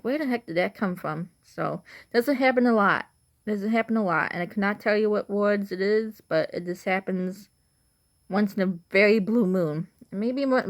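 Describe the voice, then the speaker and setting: A young woman from Illinois with an Illinois accent, rambling through a casual vlog monologue with lots of "like" and restarts. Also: medium pitch. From Illinois, USA. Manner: chatty, full of "like" and restarts. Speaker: vlogger.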